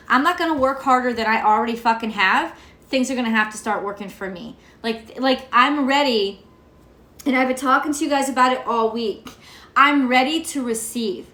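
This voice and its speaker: An American tarot reader rants through a casual vlog, rambling and cursing freely in a fairly high, pushed, bright voice. The room is echoey.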